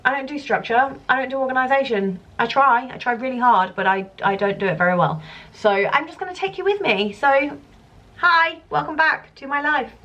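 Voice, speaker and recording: A woman's voice: a little high, expressive, a little fast, a bit bright, highs cut off. A British woman in her thirties chatting casually to camera in a rambling, self-deprecating vlog. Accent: British English. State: pregnant. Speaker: vlogger.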